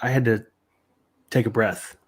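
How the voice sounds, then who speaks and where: Male guest, medium pitch, playful and ribbing in easy conversation. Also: steady tone, measured pace, slightly rough. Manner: teasing, joking. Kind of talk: casual chat.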